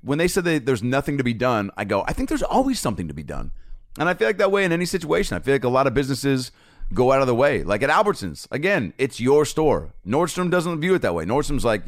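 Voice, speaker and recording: A man, a comedian and podcast host, telling a casual story in an animated way, swearing freely and acting out both sides of the exchange. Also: mid-range voice, fast, dry recording, studio quality.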